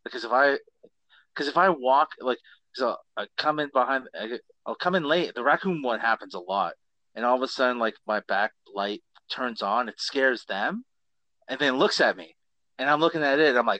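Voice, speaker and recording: A man co-hosting a podcast, telling stories in a casual, swearing, animated way. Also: mid-range voice, normal speed, dry recording. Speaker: podcast co-host. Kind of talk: casual chat.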